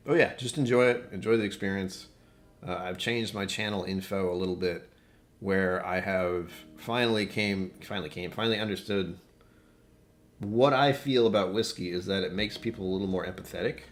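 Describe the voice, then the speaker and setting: A man's voice: sits low, moderate pace. A man hosting a casual home whiskey livestream, rambling and often breaking off mid-thought to fix things. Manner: rambling, distractible, self-interrupting.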